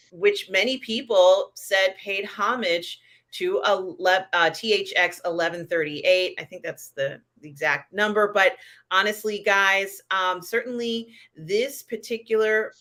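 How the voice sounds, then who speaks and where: Giggly, rambling woman host on a casual livestream, bright voice. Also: mid-range voice. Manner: rambling, many fillers, giggly. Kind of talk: casual live-stream pop culture chat.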